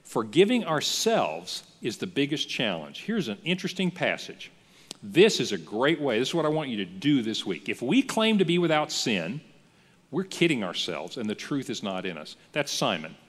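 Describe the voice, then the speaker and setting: Lively pastor preaching in a reverberant church. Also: male voice, medium pitch, normal speed. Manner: lively, conversational preaching with acted-out quotes. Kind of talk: sermon.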